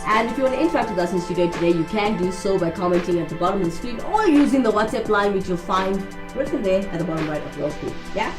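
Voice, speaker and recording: A woman's voice: medium pitch, lively intonation, fast talker, hardly any pauses. Giggly lady hosting a morning show, roomy studio sound, music playing behind. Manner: bubbly, giggly, sing-song delivery. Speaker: host.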